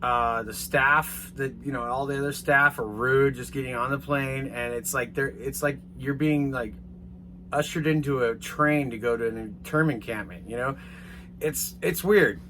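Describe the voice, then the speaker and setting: A bright, forceful-sounding man tells a rambling story in a casual, animated way, swearing now and then. His voice sits at an ordinary pitch, and a faint hum runs under the recording. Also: normal speed. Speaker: vlogger.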